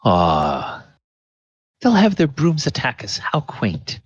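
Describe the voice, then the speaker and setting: A man playing a smug, calm old archwizard who speaks in a dry, condescending way. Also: sits low, slow, husky, dry recording, dull audio, exaggerated voice.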